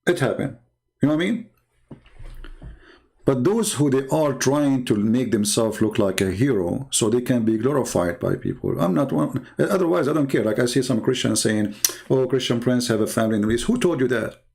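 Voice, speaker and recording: A man's voice: medium pitch, lively intonation, normal speed, creaky, a little mellow. A man, a Christian debater, talking in an earnest, emphatic, casual monologue and often repeating himself.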